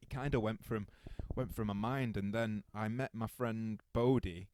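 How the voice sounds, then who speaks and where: A man hosting a podcast, telling stories in a rambling, animated way with many restarts. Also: fairly low pitch, moderate pace, slight background noise. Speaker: podcast host. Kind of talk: casual interview chat.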